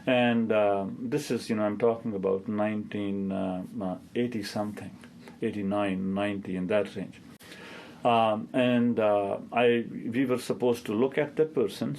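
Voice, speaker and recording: A man's voice: fairly low pitch, vocal fry, darkish tone, a little hiss or hum. A man in his fifties, a rheumatologist, answering interview questions and telling stories with a hesitant delivery full of filler sounds.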